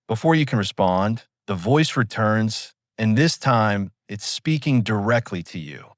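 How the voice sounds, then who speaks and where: A man giving calm, cinematic second-person narration of a sea story. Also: fairly low pitch, unhurried, hardly any pauses, no room sound, clean studio sound. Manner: calm, dramatic.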